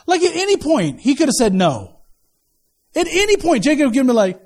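Middle-aged male pastor, high-pitched, animated and chatty from the pulpit. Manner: animated, conversational preaching with asides and quick retellings. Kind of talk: sermon.

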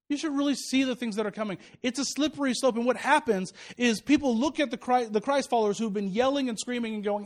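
A male pastor preaching a sermon, animated, dropping low for asides and rising high for warnings. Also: fast talker, few pauses.

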